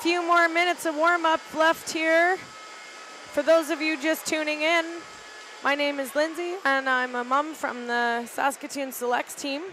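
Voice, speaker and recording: A middle-aged woman, a team parent, giving relaxed, chatty play-by-play from an arena balcony, with fillers and hesitations. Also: sits high, a little slow, slight background noise. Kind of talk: amateur live sports commentary. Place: arena balcony overlooking ice rink.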